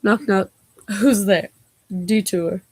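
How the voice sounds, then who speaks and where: A woman's voice: mid-range voice, fairly even intonation, takes it slowly, darkish tone, breathy edge, no echo. A woman vlogger reading knock-knock jokes aloud, taking both parts herself and breaking off for giggly asides.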